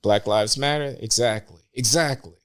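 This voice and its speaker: An older man speaking as a guest in an interview, deliberate and emphatic. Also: medium pitch, smooth. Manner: measured, deliberate, grows emphatic. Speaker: guest commentator. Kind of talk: conversational interview.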